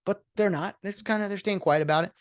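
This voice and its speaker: A man's voice: high voice, fast, no echo, studio quality. Rambling man hosting a solo podcast. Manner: rambling, with frequent fillers and sarcastic asides. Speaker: podcast host. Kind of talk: casual solo talk.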